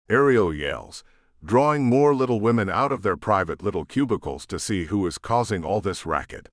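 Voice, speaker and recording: A man reads a romance audiobook in first person, expressive and storytelling. His voice sits low with a lively, varied pitch. The recording is close and dry. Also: moderate pace, no room sound. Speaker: audiobook narrator. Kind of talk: scripted narration.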